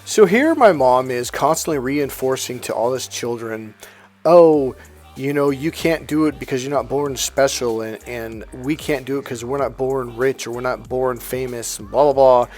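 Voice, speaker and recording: A man's voice: mid-range voice, normal speed, a little mellow, faint music behind. A middle-aged man talking bluntly and with profanity to camera as a self-help coach, acting out what family members said. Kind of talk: casual monologue to camera.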